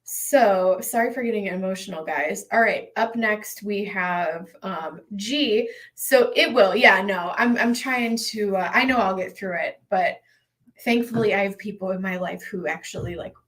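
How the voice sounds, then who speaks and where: A woman's voice: mid-range voice, measured pace, fairly bright tone, low-quality recording. A young adult woman hosting a live tarot stream, talking in an emotional, rambling way with many fillers and restarts. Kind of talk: casual live-stream chat.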